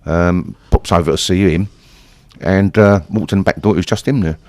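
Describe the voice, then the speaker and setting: Here the interview guest is a sixty-something punk singer from East London, spinning loose, expletive-filled stories in a relaxed chat. His voice is low and darkish, his pace moderate, and the recording is dry.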